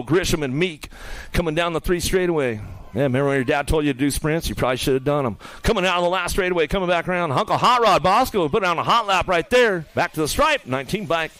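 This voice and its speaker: A man announcing live BMX races, rattling off rider names and calling the action in quick bursts, with joking banter aimed at the riders. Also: fairly high pitch, fairly bright tone, clear, resonant tone. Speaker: race announcer. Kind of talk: live BMX race commentary.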